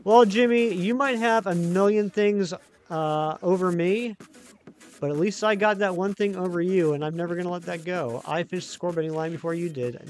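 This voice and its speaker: Male streamer, high voice, chatty and excitable, faint music underneath. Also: normal speed. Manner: chatty, excitable, talks to chat. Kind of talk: live gaming stream chat.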